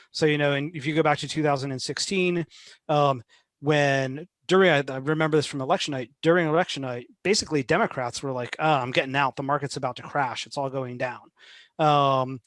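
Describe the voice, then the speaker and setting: A man speaking as a guest in a casual interview, animated and full of fillers, often acting out what other people say. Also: on the high side, no room sound. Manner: animated, many fillers, acts out quoted voices. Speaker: behavioral finance guest.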